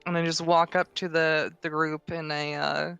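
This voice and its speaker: A player casually describing their tabletop role-playing character, with many pauses and fillers. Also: mid-range voice, flat delivery, vocal fry, a bit bright, clean tone, dry recording, dull audio, faint music behind.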